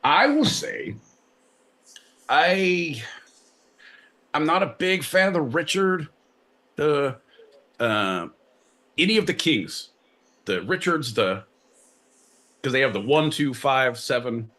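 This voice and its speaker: A man co-hosting a live comedy podcast, ranting and swearing in a theatrical way. His voice is forceful and bright, and his pitch swings widely as he mocks lofty old verse. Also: animated, slow pace, long pauses. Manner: profane, theatrical, mock-Shakespearean ranting. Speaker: podcast co-host. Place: live show venue.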